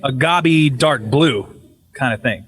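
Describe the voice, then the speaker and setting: A man on a casual podcast call telling a ghost story, swearing freely and acting out the quotes with lively energy. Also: medium pitch, a little slow, husky. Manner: profane, animated retelling with voiced quotes. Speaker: podcast guest. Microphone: video call.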